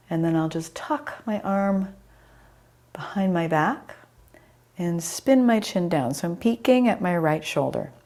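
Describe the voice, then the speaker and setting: A middle-aged woman leads a chair yoga class over a video call, cueing breath and movement in a calm, steady way. Her voice sits low and has a gravelly, slightly scratchy edge. She calls out students by name as she guides them. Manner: calm guiding cues, names students as she goes. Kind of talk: live online yoga class instruction.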